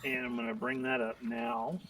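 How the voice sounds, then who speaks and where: A man's voice: very high-pitched, very animated, normal speed, gravelly, fairly bright tone, recorded from a distance, slight background noise. A man narrating a tabletop game as game master, chatty and breaking into laughter often.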